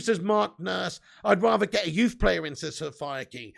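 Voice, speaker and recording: Gravelly-voiced young man. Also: high-pitched, animated, normal speed. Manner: banter with frequent swearing and laughter. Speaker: live-stream host. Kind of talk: casual live-stream chat.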